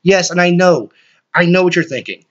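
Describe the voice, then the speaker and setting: A man hosting a solo podcast, rambling excitably and swearing often. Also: high-pitched, moderate pace. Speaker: podcast host. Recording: dull lo-fi recording.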